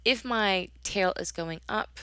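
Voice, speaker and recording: A woman giving a casual software tutorial, chatting as she works and muttering to herself while searching through menus. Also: mid-range voice, takes it slowly, smooth, no room sound. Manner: talks to the software affectionately. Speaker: instructor.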